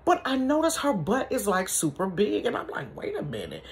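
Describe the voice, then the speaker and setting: A woman telling a family story in a casual storytime vlog from her bedroom, chatty and animated, calling her viewers y'all and honey. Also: on the high side, moderate pace.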